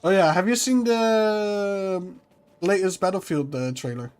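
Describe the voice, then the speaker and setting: A man's voice: sits high, measured pace, darkish tone, soft background music. A man chatting on a stream, hesitant and full of fillers, laughing often. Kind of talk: casual chat on stream.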